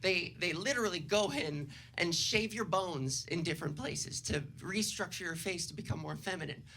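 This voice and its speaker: A young trans woman doing improvised stand-up comedy, brash, profane and self-mocking, jumping into loud silly voices. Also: on the low side, moderate pace. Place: stage before a live audience.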